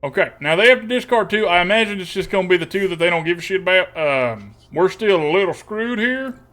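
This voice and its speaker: A man comments on his card game live, talking in a put-on folksy country twang. His voice sits fairly high for a man. He keeps slipping joking, self-deprecating asides in between plays. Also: animated, brisk, a bit bright. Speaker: streamer.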